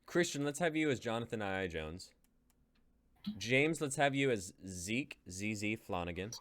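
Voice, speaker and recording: A man's voice: on the low side, lively intonation, normal speed, a bit bright. A man hosting a live stream and assigning roles for a script reading, in upbeat, casual chat. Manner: upbeat, directing the group. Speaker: stream host. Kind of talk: casual stream chat and casting a table read.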